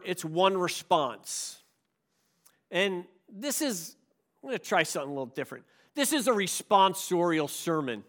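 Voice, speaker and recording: Male pastor, high lively delivery, emphatic preaching, gets the room to repeat after him. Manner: animated, emphatic, leads the congregation in call-and-response. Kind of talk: sermon.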